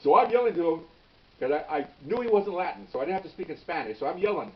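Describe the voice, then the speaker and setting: A retired police officer in his sixties tells a story with lively energy, full of restarts and "okay?" tags. His voice sits a bit high for a man. The recording is dull and set slightly back from the mic. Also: fast, distant mic. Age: 60s.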